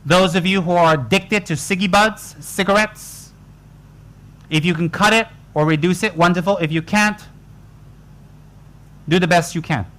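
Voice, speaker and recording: A man's voice: sits high, moderate pace, long pauses, a bit bright. A man giving a joking, colloquial dharma talk to retreat students. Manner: joking, teasing, colloquial asides. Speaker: Buddhist teacher.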